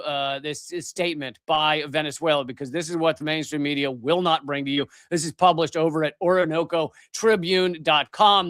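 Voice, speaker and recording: A man's voice: a little high, fairly bright tone, clean tone, dry recording. A middle-aged man hosting a live political commentary show, ranting angrily with profanity and frequent restarts. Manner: angry, profane, emphatic with many restarts.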